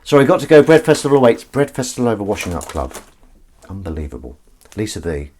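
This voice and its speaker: A man's voice: lowish voice, big pitch swings, fast, a little mellow, slight background noise. A man hosting a casual livestream from home, chatting with viewers in a rambling, self-mocking way. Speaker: livestream host. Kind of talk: casual chat with live chat viewers.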